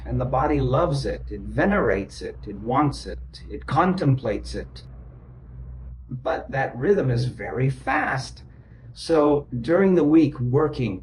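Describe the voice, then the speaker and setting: A male therapist explaining ideas to a client in an emphatic, repetitive way, sometimes chanting rhythms out loud. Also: mid-range voice, slight background noise, rough recording.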